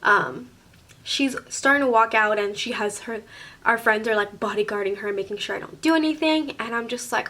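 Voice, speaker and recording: Animated young woman telling a story. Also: a little high, moderate pace. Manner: animated, swearing freely, acts out quoted lines. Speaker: vlogger. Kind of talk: casual storytime.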